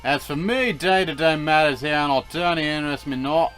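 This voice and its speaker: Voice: mid-range voice, a little fast, fairly bright tone, soft background music, natural voice. A player voicing a flamboyant male alien adventurer with grand, old-fashioned phrasing and accents that keep changing. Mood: grandiose. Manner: theatrical, archaic phrasing, shifting accents.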